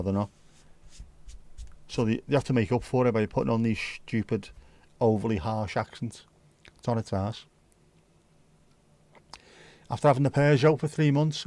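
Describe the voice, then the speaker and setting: A middle-aged Scouse-accented man from Liverpool, England, hosts a livestream, rambling casually and swearing freely. His mid-range voice is mellow, with no echo.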